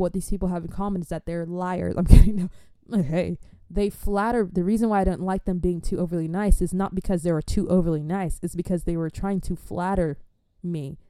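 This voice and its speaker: A woman's voice: fairly low pitch, mellow, no echo, studio quality. A young woman telling a story in a casual, slangy way, acting out the voices of the people she quotes and moving into talk about faith.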